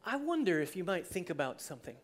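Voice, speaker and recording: Preacher telling a story in a sermon: lively, chatty, acts out the scenes. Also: mid-range voice, fast. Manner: conversational, with restarts and asides.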